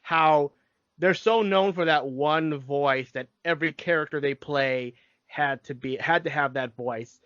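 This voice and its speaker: A man's voice: fairly high pitch, measured pace, fairly bright tone, no echo. A man co-hosting a podcast in casual chat, conversational and moving the talk along. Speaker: podcast co-host. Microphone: home microphone, remote call. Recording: dry, dull lo-fi audio.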